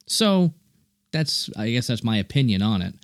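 A chatty man gives his take on actors in casual conversation, laughing often. His pitch is ordinary and middle. The recording is dry, with no echo. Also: big pitch swings, moderate pace. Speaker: movie reviewer. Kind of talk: casual chat.

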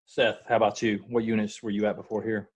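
A man's voice: lowish voice, level tone, fairly quick, breathy edge, dull audio. A man hosting a podcast, delivering the intro and asking his guests questions. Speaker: podcast host. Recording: loud guitar music under the voice.

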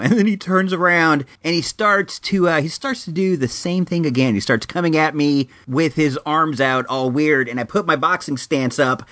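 A man's voice: on the high side, moderate pace, hardly any pauses, fairly bright tone, dry recording. A man hosting a podcast who tells a personal story casually and acts out both sides of an argument. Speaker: podcast host.

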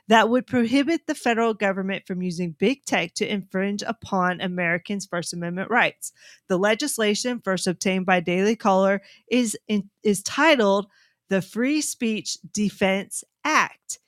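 Brisk, emphatic female co-host reading news aloud, close and dry sound. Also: medium pitch, dry recording. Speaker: talk show co-host. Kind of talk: casual talk show chat, reading news aloud.

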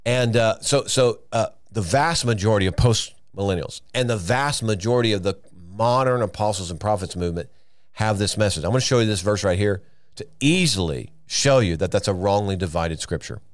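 A man's voice: on the low side, brisk, no echo. A man teaching the Bible in a podcast, earnest and emphatic, with frequent fillers and restarts as he works through passages.

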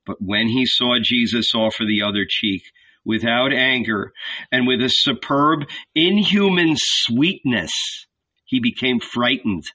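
A man reading a novel aloud as the regular reader, slow and deliberate, closing with an affectionate sign-off. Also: medium pitch, bright, forceful tone, husky. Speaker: audiobook reader. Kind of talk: scripted narration.

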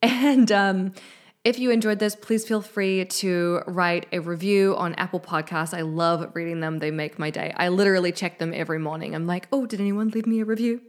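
A woman with a slightly low voice hosts her own podcast in a casual solo talk. She speaks candidly and with feeling, dropping the odd swear word, and records into a studio microphone through a mixer. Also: steady tone, normal speed. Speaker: podcast host.

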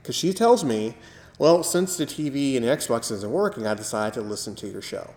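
A man co-hosting a casual podcast chat, telling stories with animated quoted voices. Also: mid-range voice, normal speed. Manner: animated storyteller, acts out quotes. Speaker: podcast co-host. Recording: echoey room with long reverb.

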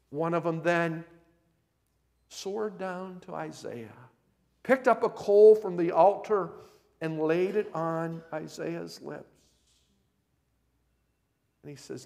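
A man preaching a sermon at a camp meeting, telling a story slowly and rising to impassioned, loud cries. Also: a little high, creaky. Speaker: pastor.

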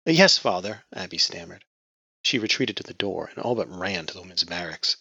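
A man narrating a novel in measured, scripted storytelling. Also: deep voice, gravelly, bright, forceful tone, slightly rough, no room sound. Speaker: audiobook narrator. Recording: muffled lo-fi dry recording.

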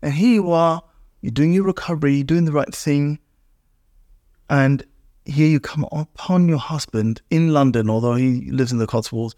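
A man hosts an interview, measured and affirming as he asks questions. His voice sits at a middle pitch. The sound is dry and close. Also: a little mellow, no room sound. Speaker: podcast host.

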